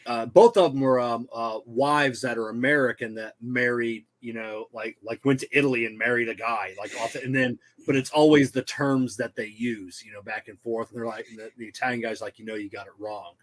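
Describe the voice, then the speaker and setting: A man co-hosting a casual podcast, speaking haltingly with many fillers and restarts. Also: mid-range voice, fairly even intonation. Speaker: podcast co-host. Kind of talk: casual chat.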